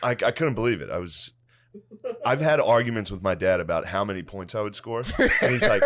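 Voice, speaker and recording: This is a young man with a fairly low voice, telling a story on a comedy podcast. He sounds incredulous and laughs his way through it. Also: animated, fairly quick, fairly bright tone. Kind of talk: casual storytelling.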